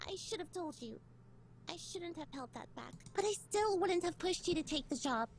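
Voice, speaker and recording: A man putting on a high chatty young woman. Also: expressive, moderate pace, slight background noise. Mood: apologetic. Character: upbeat young woman roommate, apologetic.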